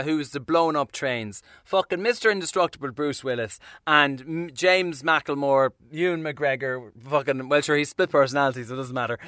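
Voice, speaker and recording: Young male film reviewer, sarcastic and sweary rambling rant, crisp bright tone, dry close sound. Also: on the high side, dry recording.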